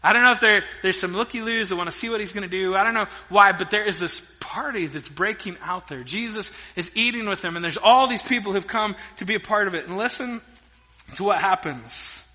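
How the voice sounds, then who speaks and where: Middle-aged male pastor, animated storyteller, high and piercing tone. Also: fairly quick. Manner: energetic storytelling preacher, swinging between loud emphasis and hushed asides. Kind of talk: sermon. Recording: long reverb of a large hall.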